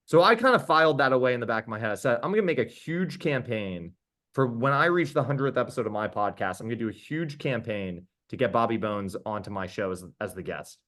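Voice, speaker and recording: A man, a podcast host, telling stories in casual chat as a guest, animated and enthusiastic with quick restarts. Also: mid-range voice. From New York. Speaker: podcast host being interviewed. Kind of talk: casual storytelling.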